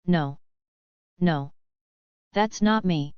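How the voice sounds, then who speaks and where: A flustered, evasive teenage schoolboy from a fanfiction audiobook, voiced by a woman in her own low, very clear voice. The sound is dry and a little dull, like a close lo-fi recording. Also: extremely slow, dry recording. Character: teenage boy student hiding secret powers.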